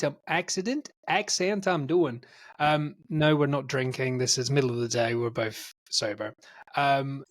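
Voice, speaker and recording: A man hosting a casual movie podcast, jokey and quick to laugh. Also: medium pitch, dry recording, studio quality. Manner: jokey, laughing, plays with silly accents. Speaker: podcast host.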